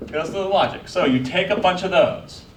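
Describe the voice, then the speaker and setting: A man's voice: sits high, background noise. Guy teaching bio class, asks the room questions a lot, echoey far-off classroom recording. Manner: casual, quizzing students with quick questions. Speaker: college biology instructor. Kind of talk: classroom lecture. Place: lecture classroom.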